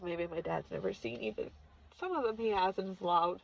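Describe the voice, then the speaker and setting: A woman's voice: medium pitch, fairly quick, creaky. A woman in her thirties telling a personal story on her vlog in an emotional, confessional way. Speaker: vlogger. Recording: dull lo-fi recording.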